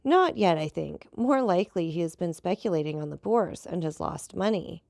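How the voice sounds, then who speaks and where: A woman's voice: lowish voice, lively intonation, moderate pace, creaky, a little mellow, no echo, clean studio sound. A woman voicing an elegant society lady making a cutting remark about her husband.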